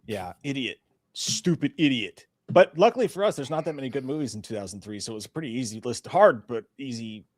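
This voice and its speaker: Joking guy on a movie stream, talks fast, dry close mic, laughs a lot. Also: medium pitch, lively intonation, darkish tone, dry recording. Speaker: co-host of a live movie show. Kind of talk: casual chat.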